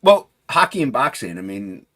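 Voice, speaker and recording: Casting: male guest creator, casual livestream chat, rambling delivery, animated pitch swings. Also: moderate pace. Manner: rambling, restarts often, drops to a mumble.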